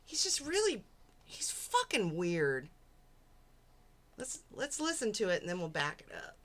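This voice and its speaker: A woman's mid-range, fairly bright voice swings hugely in pitch at a measured pace as she hosts a late-night stream from home. She reacts casually to a replayed argument, mocking it with laughter, profanity and mimicry.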